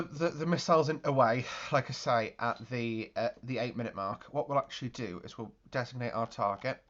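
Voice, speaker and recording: A man hosting his channel, giving chatty, excitable gameplay commentary with mouth-made explosion noises. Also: medium pitch, dull audio. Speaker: video game channel host.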